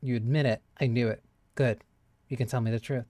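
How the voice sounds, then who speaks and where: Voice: mid-range voice, steady tone, a little fast, a little mellow, no echo. A streamer playing a video game, chatting animatedly and reading lines aloud, laughing and swearing.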